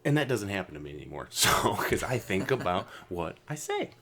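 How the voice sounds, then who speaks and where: A man hosting a casual podcast, ranting with lots of swearing, jumping between loud outbursts and low mutters. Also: big pitch swings, a little fast, crowd noise. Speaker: podcast host.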